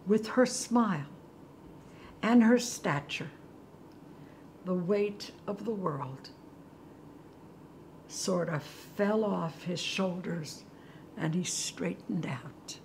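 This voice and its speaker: An older woman hosting from her kitchen, telling a story with animation and hushed near-whispers. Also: lowish voice, expressive, extremely slow, long pauses, a little hiss or hum. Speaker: host. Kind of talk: storytelling talk to viewers. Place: home kitchen.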